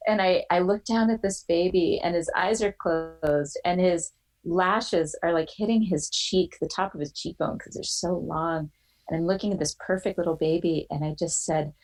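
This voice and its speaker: Animated woman telling a personal story. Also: fairly low pitch, moderate pace, poor audio. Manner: animated storyteller, acts out quoted voices. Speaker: guest.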